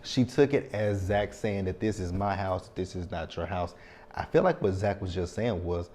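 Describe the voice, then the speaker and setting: A man's voice: deep voice, normal speed, a little mellow, slight background noise. A man in his thirties recapping a TV episode in a casual vlog, talking frankly and checking in with tag questions. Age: 30s. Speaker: TV show recap reviewer.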